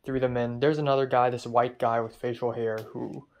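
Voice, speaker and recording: A man's voice: medium pitch, level tone, moderate pace, darkish tone. A young man talking straight to camera in a casual vlog, ranting with frustration and swearing freely. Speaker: vlogger.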